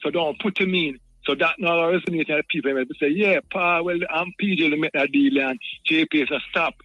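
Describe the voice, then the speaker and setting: A man's voice: a little high, a little fast, fairly bright tone, no echo, highs cut off. A man with a Jamaican accent calling in to a radio talk show, rambling in patois and often repeating his words. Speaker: caller.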